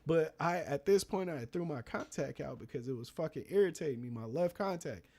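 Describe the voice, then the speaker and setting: A man's voice: expressive, brisk, warm tone. A man who produces beats, telling a casual, profane story during a livestream and acting out the people he quotes. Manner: slangy and profane, acts out quoted people in a higher voice. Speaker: beat producer streaming his sessions.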